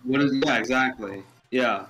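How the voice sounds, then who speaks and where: A man's voice: medium pitch, moderate pace, a loud crowd, rough recording. A man rambling and stammering through casual, profane banter while watching wrestling with friends.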